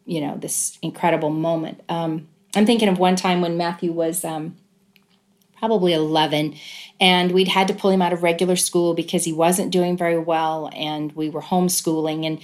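A middle-aged woman speaks as an interview guest with a slightly low voice. She tells a personal story in an earnest, reflective way and pauses often. It sounds like a relaxed sit-down conversation. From Southern California.

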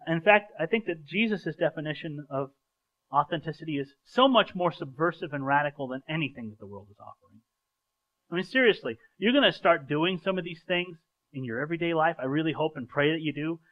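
The recording is muffled, but a man's slightly high, lively voice comes through at a brisk pace. He's a pastor giving an earnest, conversational sermon with a live stage illustration, repeating words whenever he starts a sentence over.

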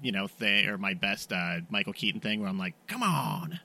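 A man at a tabletop game, speaking for his character in quick, wheedling salesman patter. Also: on the low side, level tone, sharp tone. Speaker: player.

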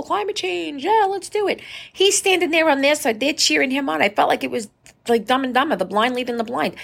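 A woman's voice: high voice, vocal fry, a bit bright. A middle-aged woman hosting her podcast, ranting casually with profanity and sarcasm. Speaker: podcast host.

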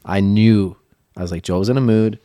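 A man's voice: lowish voice, normal speed, mellow, dry recording, clean studio sound. A man co-hosting a casual podcast from an office, telling a story with self-deprecating humor. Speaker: podcast co-host. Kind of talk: casual chat. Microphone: studio mic in an office.

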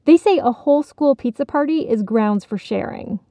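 A woman doing a squeaky, urgent female mouse. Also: expressive, moderate pace, warm tone, no room sound. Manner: urgent, reporting news.

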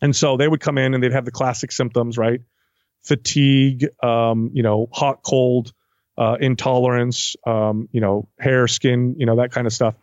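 A man's voice: mid-range voice, no room sound, dull audio. A man, a fitness trainer, talking casually in an interview and acting out what his clients say. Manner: animated, acts out client quotes.

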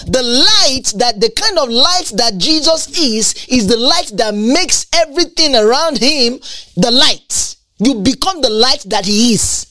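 A woman delivering a sermon with fervent emphasis. She repeats key phrases and quotes scripture. Her pitch sits high and swings with animation. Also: lively intonation, unhurried, pushed and bright. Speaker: preacher.

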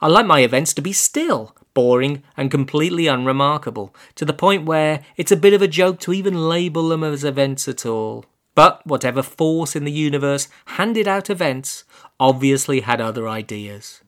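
A man narrating a comic story in a dry, quiet, deadpan manner. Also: a little high, moderate pace.

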